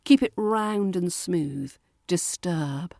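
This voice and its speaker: A British woman hosting a pronunciation lesson podcast, speaking clearly and slowing down to model words. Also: on the low side, expressive, mellow, dry recording, clean studio sound. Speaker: podcast host and pronunciation teacher.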